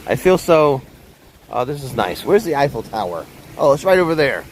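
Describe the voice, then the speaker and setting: A man's voice: mid-range voice, sing-song, moderate pace, low-quality recording. Chatty man live-streaming outdoors. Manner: rambling, chatty, talks straight to viewers. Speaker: vlogger live-streaming a park walk. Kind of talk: casual live-stream chat. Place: outdoors in a theme park, by a fountain. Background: wind and splashing water.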